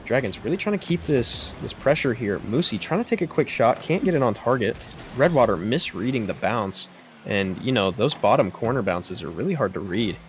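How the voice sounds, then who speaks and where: Male play-by-play caster, mid pitch, steady delivery that rises on big moments, faint noise under the mic. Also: normal speed. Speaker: play-by-play commentator. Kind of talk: esports commentary.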